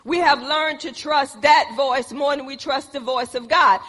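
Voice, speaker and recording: A woman preaching a sermon who quotes scripture, asks the congregation questions and answers them herself, and builds up to shouted passages. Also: high-pitched, fairly even intonation, unhurried. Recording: long hall reverb.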